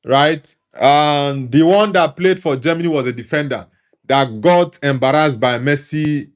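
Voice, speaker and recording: A Nigerian man with an Igbo background hosting a relaxed football talk show, reading out chat comments and answering them in an easygoing way. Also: on the high side. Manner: easygoing, repeats words while thinking. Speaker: host reading live chat.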